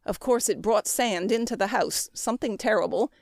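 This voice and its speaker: A woman narrates a classic story in a measured, expressive way, her voice sitting at a mid pitch. The recording is dry and close, with no room sound. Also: creaky, dry recording. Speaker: audiobook narrator.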